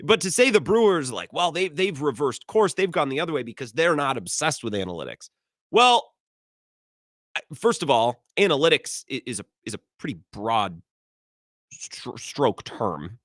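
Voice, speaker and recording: A man's voice: mid-range voice, very animated, moderate pace, a bit bright, dry recording, studio quality. A man hosting a sports radio show, arguing his opinions and often stumbling over and repeating his words. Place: radio studio.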